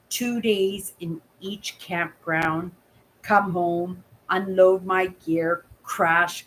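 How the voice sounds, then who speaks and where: Chatty older woman, bright voice. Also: fairly low pitch, a little hiss or hum, rough recording. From Canada. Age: 60s. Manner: chatty storyteller, keeps asking "right?"; acts out voices in quoted dialogue. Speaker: channel host. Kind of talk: casual live chat.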